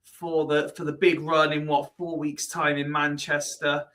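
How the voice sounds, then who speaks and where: A man's voice: a little high, little pitch movement, measured pace, bright, forceful tone. A man hosting a casual football podcast over a livestream call, chatty and full of "uh" hesitations. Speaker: podcast host. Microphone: remote livestream call.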